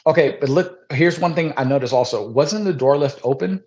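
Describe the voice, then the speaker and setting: A man co-hosting a casual podcast who thinks aloud hesitantly and often trails off softly. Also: on the high side, a little fast, lo-fi sound. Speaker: podcast co-host.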